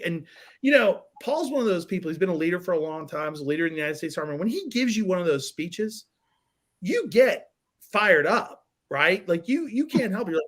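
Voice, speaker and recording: Animated man telling a story. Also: high voice, moderate pace. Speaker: podcast guest. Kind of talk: casual storytelling.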